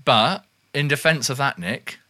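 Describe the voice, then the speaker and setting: A man co-hosting a casual chat, animated and quick to laugh, swearing freely. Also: mid-range voice. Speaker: podcast co-host. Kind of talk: casual banter.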